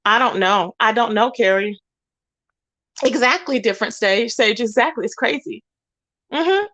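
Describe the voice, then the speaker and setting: A woman's voice: fairly high pitch, unhurried, a bit bright. A woman hosting a livestream, ranting indignantly and emphatically while greeting chat viewers. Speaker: livestream host. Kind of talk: heated livestream rant.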